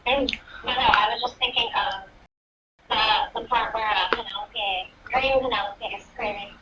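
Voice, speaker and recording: A woman's voice: on the high side, steady tone, normal speed. A young woman co-hosting a podcast in casual chat, rambling and giggly. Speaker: podcast co-host. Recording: dull lo-fi audio with loud noise.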